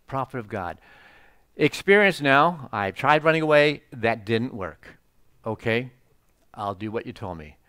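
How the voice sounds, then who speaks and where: A man's voice: medium pitch, lively intonation, a little slow, a bit bright, dry recording, clean studio sound. A man preaching a sermon in a casual, joking storytelling way, full of "you know" asides. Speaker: pastor.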